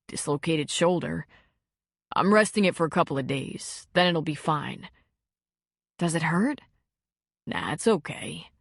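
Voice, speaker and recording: A woman's voice: low voice, dry recording, studio quality, exaggerated voice. A woman reading an audiobook, voicing a remorseful young man who pleads and apologizes to his ex.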